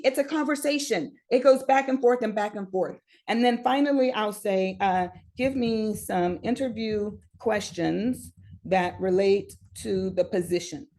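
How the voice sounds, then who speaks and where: A woman presenting a live webinar, teaching in a chatty, upbeat way and talking straight to her audience. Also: fairly high pitch. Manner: chatty and upbeat, talks straight to the audience with "y'all" and "you guys".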